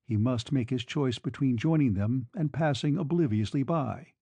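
A man narrating a classic novel in a measured, unhurried reading. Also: medium pitch, dark tone, husky, no echo. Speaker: audiobook narrator.

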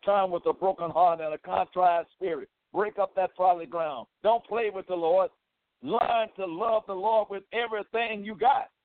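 This radio preacher has a high-pitched voice and speaks at normal speed with fairly even intonation, with no echo. He exhorts his audience to pray with great fervor, peppering his words with "amen" and "praise the Lord," all through a thin, phone-like radio sound.

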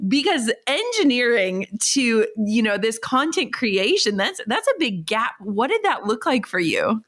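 A woman's voice: fairly high pitch, big pitch swings, moderate pace, hardly any pauses, a bit bright. A woman hosting a podcast, asking eager questions in an enthusiastic, chatty way. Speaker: podcast host. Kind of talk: casual interview chat.

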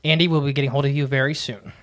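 A man's voice: mid-range voice, little pitch movement, racing, a bit bright. A man co-hosting a casual podcast, talking in a chatty, rambling way with lots of "uh" and "like". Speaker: podcast co-host.

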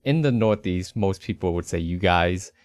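Deep-voiced man chatting easily on a podcast. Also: lively intonation, normal speed, a little mellow, no echo. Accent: slight Rhode Island. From Northeast United States. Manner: rambling, self-correcting, easygoing. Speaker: podcast co-host. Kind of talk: casual podcast chat.

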